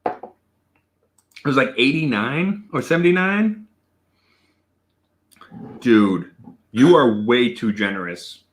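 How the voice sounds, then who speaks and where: A man hosting a casual livestream whiskey tasting. He is excitable and profane, bursts into amazed exclamations, and answers viewer chat. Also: medium pitch, slow, pauses often, slight background noise. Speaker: whiskey reviewer and host.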